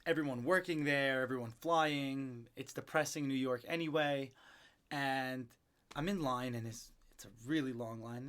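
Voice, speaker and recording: A young man in his twenties, an independent musician chatting in an interview and telling an animated story, acting out what people said. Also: medium pitch, moderate pace, clear, resonant tone.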